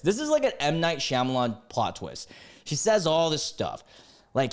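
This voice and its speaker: A man in his twenties reads online posts aloud and reacts to them with excitable rants. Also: normal speed. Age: 20s. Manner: excitable, ranting, sudden jumps in pitch. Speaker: YouTuber reading Reddit posts.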